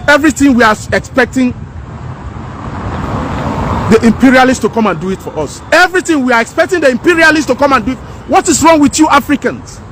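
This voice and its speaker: A woman's voice: sits high, expressive, fast talker. A woman rants fervently to her camera outdoors, hammering her points home by saying them twice. Her delivery is preachy and fiery. Light traffic hums faintly behind her. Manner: fiery, preachy, repeats lines for emphasis. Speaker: vlogger. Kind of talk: impassioned opinion vlog. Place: outdoors by houses.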